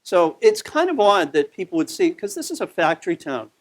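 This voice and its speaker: A man's voice: sits high, sing-song, a little fast. A man giving a conversational local history talk over a slide show, telling the story with plenty of fillers.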